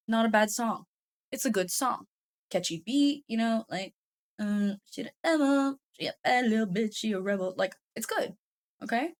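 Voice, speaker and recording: A woman YouTube commentator giving casual, chatty commentary, swearing freely and laughing often. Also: medium pitch.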